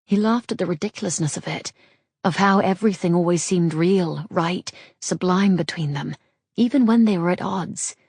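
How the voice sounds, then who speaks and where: Audiobook reader: woman, low pitch, husky tone, dry close studio sound. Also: normal speed, a little mellow, dry recording. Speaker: audiobook narrator. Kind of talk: scripted romance narration.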